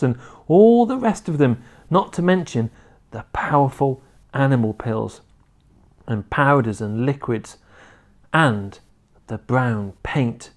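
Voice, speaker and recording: A man reading a children's book aloud in an expressive storytelling manner. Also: a little high.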